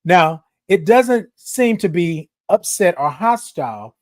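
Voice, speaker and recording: Speaking slowly at a medium pitch, this animated livestream host addresses viewers head-on, passionate and emphatic. The voice rises and lines come back again and again in a preachy, sermon-like way during the lively stream.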